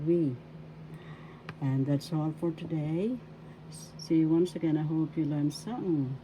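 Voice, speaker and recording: A woman language teacher giving a slow pronunciation lesson, sounding out each word syllable by syllable, repeating it, and adding gentle blessings. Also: low voice, slight background noise, poor audio. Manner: gentle blessings and well-wishes.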